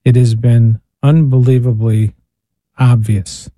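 A man's voice: medium pitch, steady tone, slow pace, warm tone, no room sound. A man, a priest and spiritual director, speaking earnestly on a radio show and posing rhetorical questions. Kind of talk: radio talk reflection. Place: radio studio.

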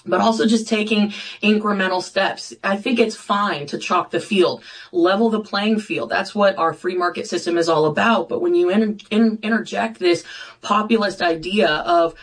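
Congresswoman guest on a talk show, blunt and sarcastic, middle pitch, brisk. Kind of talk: political talk show interview.

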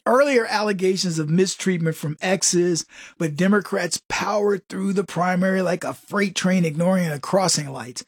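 A man's voice: high-pitched, normal speed, slightly rough, no room sound, clean studio sound. A man delivering a sarcastic, mocking political commentary monologue in a casual, conversational way.

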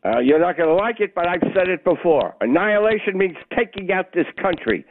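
A man's voice: high-pitched, sing-song, brisk. An older man calling in to a talk radio show, blunt, agitated and argumentative. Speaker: caller. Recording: tinny phone line.

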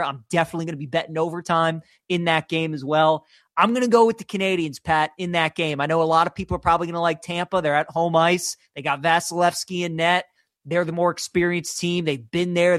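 A man with a somewhat high voice talks sports with his co-host, eager and chatty as he makes his picks. The sound is dry and close, with no room echo. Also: a bit bright. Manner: enthusiastic, chatty, gives picks. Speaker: sports talk show co-host. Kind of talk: casual sports talk and predictions.

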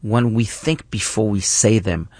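A man's voice: on the low side, a little slow, darkish tone, dry recording. A man, a rabbi, teaching thoughtfully in conversation and often restarting his phrases. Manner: thoughtful, earnest, with frequent restarts. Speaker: rabbi, guest.

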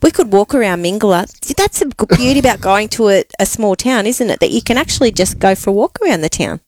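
A woman's voice: medium pitch, expressive, fast, a little mellow, dry recording. Chatty woman radio host. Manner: chatty, laughs easily. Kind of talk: casual chat interview.

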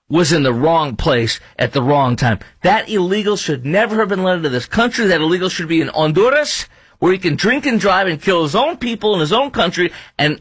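A man's voice: a little high, fairly bright tone, husky, no room sound, poor audio. A man hosting talk radio, delivering an indignant, ranting monologue with lots of repetition and fillers.

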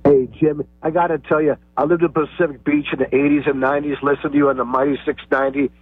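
A man's voice: fairly high pitch, level tone, fast talker, breathy edge, dry recording. A man calling in to a radio show, rambling through a story. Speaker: caller. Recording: tinny phone line, dry.

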